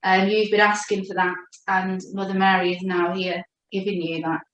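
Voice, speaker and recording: A woman giving a gentle, reassuring spiritual chakra reading as a coach. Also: medium pitch, level tone, muffled recording. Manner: gentle, reassuring, speaks slowly when addressing her guide. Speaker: oracle card reader and coach. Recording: echoey room.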